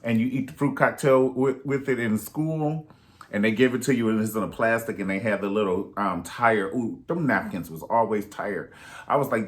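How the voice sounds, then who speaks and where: A man giving sassy, profane, rambling gossip commentary in a vlog. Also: lowish voice.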